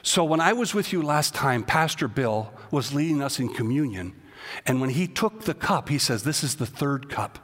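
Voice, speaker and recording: A man preaching a sermon with an American accent, reading scripture with rising, loud emphasis. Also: mid-range voice, animated, moderate pace. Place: church sanctuary. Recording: long church reverb.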